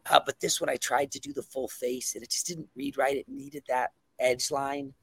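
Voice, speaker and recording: Man, comic creator guest, gravelly voice, dry sound, enthusiastic and full of ums. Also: mid-range voice, steady tone, normal speed, no room sound. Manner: enthusiastic, many ums and restarts. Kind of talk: casual podcast chat.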